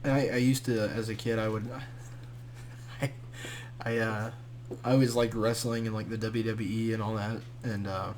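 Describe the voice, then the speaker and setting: A young man co-hosting a podcast in casual chat, relaxed and agreeable, chiming in briefly. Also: fairly low pitch, unhurried, pauses often, slight background noise. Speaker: co-host.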